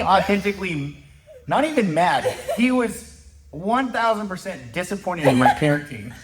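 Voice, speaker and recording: A middle-aged man talks in a relaxed, joking way, his pitch rising and falling a lot as he tells stories. He chats as a father and coach. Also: normal speed, a crowd in the background. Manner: laid-back, self-mocking, tells stories with lively laughter. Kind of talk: casual chat.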